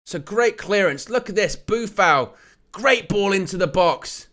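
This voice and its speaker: Excitable high-voiced bright male commentator. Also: a little slow. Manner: excitable, jokey, laughs often, rises to shouts at near-misses. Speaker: host of a live match watch-along. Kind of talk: live play-by-play commentary and chat.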